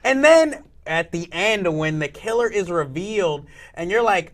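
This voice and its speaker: A man's voice: high-pitched, lively intonation, moderate pace, a bit bright. A man on a film review panel in casual chat, retelling a movie with exasperated mockery.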